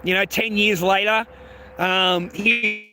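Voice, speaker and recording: A man's voice: high voice, animated, normal speed, pushed and bright, slight background noise. A man hosting a livestream, ranting bluntly and profanely at his chat, repeating himself and calling viewers mate and bro. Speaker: livestream host. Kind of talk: casual livestream rant to chat.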